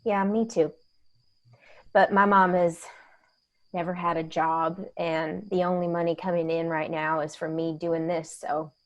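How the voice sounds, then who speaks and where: A woman's voice: lowish voice, little pitch movement, dull audio, lightly acted. An actress playing a young woman tow truck driver who talks in a wry, confiding way. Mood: resigned. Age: young adult. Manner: wry, confiding, quick to laugh. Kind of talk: audio drama acting.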